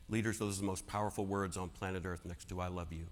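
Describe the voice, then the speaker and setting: A man telling a personal story as a keynote speaker, dramatic and swinging from hushed to loud. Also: deep voice, fairly even intonation, a little fast, long pauses, a little hiss or hum. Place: large conference hall. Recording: long hall reverb.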